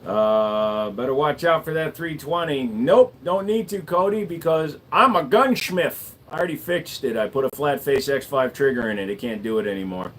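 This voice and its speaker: A man's voice: mid-range voice, a bit bright, a little hiss or hum. A man, a gunsmith, answering viewers in a casual livestream chat, laid-back and wisecracking, dragging out the ends of his words. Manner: laid-back, wisecracking, drawn-out word endings.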